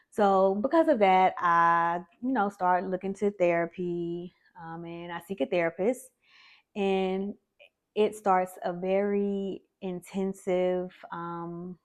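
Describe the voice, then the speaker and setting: A woman's voice: lowish voice, fairly even intonation, takes it slowly. A woman vlogger candidly telling her own story, reflective and conversational with plenty of fillers.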